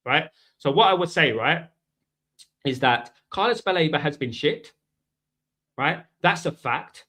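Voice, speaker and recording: A man's voice: fairly high pitch, a bit bright. A middle-aged man from England hosting a live football stream, answering viewers in a combative, chatty way and peppering his talk with 'mate' and 'right'. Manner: combative, talks straight to chat, repeats 'mate' and 'right'. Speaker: football channel host.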